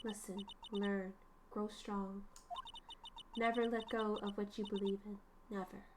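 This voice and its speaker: A woman as a calm, caring lawyer sister. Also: mid-range voice, background noise, pitched below the performer's own voice, close to an everyday voice. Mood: gentle. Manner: gentle, measured. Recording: game music behind.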